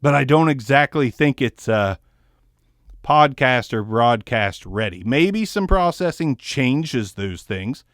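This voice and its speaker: A man's voice: medium pitch, lively intonation, takes it slowly, no echo, clean studio sound. A man casually reviewing a microphone at his desk, rambling and joking about himself, keeping a Southern US accent toned down. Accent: tones down a Southern US accent. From American South. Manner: rambling, joking, self-deprecating. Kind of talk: casual mic test review. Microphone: ribbon microphone, close and moved around.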